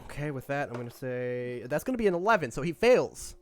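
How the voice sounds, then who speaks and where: A man narrating a tabletop role-playing game as game master, lively and loose, with casual swearing. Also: medium pitch, fast talker, a little hiss or hum.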